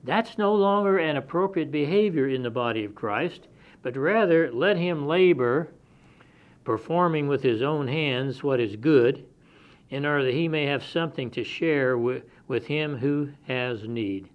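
A man's voice: on the high side, a little slow. A man preaching an expository sermon, reading scripture aloud and explaining it in a conversational, plain-spoken way. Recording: dull lo-fi sermon recording.

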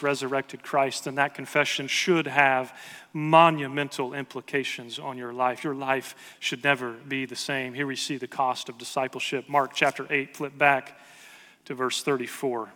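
A man's voice: mid-range voice, pushed and bright. Earnest male pastor in a big hall. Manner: earnest, building to emphatic repetition. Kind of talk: sermon. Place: large church hall. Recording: long reverb of a large hall.

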